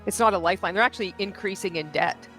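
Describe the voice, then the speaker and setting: A woman hosts a reaction commentary show, her voice bright and forceful. She talks bluntly and sarcastically, picking apart what she has just watched. Faint music sits far behind her. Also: medium pitch, fast. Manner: mocks others by quoting them in exaggerated voices. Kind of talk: reaction commentary on video clips.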